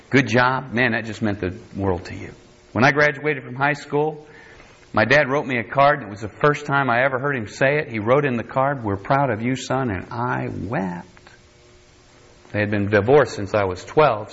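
A man preaches with animated, folksy energy, jumping into quoted voices as he reads scripture. His voice sits in an average pitch. The recording is a little dull and lo-fi. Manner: animated, acts out quotes in higher voice, folksy asides. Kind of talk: sermon.

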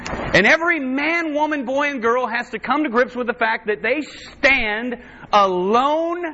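A man's voice: very high voice, expressive, unhurried, pushed and bright. A man pastor preaching an impassioned, emphatic sermon full of rhetorical questions, on a dull lo-fi recording.

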